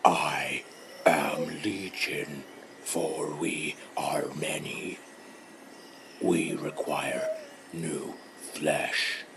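A man voicing a demonic many-voiced spirit speaking through a dog, in a deep whispery growl. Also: fairly even intonation, background noise, full character voice. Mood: menacing. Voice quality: deep, slow, whispery and gravelly.

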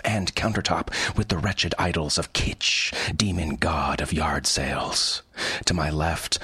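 A man's voice: low-pitched, fairly bright tone, slightly rough, no echo. A man narrating a story in an ornate, wry mock-gothic style. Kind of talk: scripted audiobook narration.

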